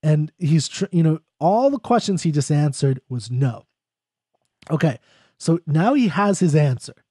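Guy talking through a poem, warm mellow voice, dry close sound, chatty and thinking out loud. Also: fairly high pitch, expressive, husky, no room sound. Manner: conversational, thinks aloud, reads verse lines slowly. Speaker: poetry explainer. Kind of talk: casual spoken lecture on a poem.

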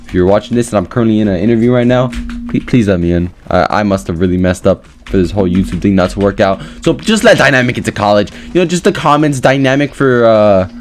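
A young gaming YouTuber talks fast in a lowish voice through casual gameplay commentary. He jokes to himself, then bursts into loud, excited yelling.

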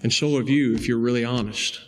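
A male preacher, delivering a sermon with emphatic rising stresses and slow, deliberate key phrases. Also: medium pitch, steady tone.

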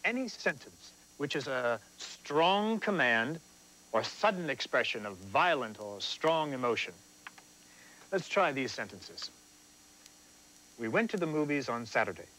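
A man's voice: mid-range voice, sing-song, a little slow, sharp tone, a little hiss or hum, poor audio. A man hosting a scripted TV writing lesson, explaining things in a dry, self-deprecating way. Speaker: teacher and host.

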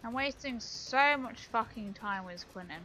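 A woman's voice: a little high, animated, measured pace, pushed and bright, faint music behind. A young woman streaming a video game, swearing and taunting another player in a raging, profane way. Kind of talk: live gameplay commentary.

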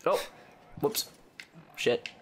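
A man giving casual let's play commentary, excitable and profane, often yelping and laughing. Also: very slow, a little hiss or hum.

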